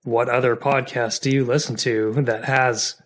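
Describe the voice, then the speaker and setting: A man's voice: mid-range voice, flat delivery, moderate pace, a bit bright, slight background noise. A man co-hosting a podcast in casual chat, jokey and rambling with lots of fillers. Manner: chatty and jokey, with frequent fillers and restarts. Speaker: podcast co-host.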